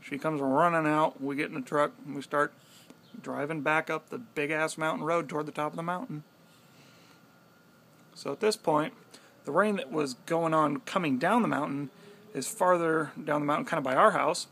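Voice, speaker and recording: A young man casually telling a story to the camera, animated and swearing freely. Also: a little high, moderate pace, slight background noise. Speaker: vlogger.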